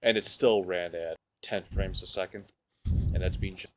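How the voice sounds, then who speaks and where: Man, lowish voice, laid-back, rambling, casual podcast chat. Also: normal speed, slight background noise. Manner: relaxed, rambling with restarts. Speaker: podcast co-host.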